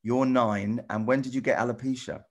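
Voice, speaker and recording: A middle-aged man chatting casually with children over a video call, rambling and halting with lots of restarts. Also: medium pitch, steady tone. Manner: rambling, halting, full of restarts and "you know". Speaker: celebrity guest answering children's questions. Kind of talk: casual friendly chat with children.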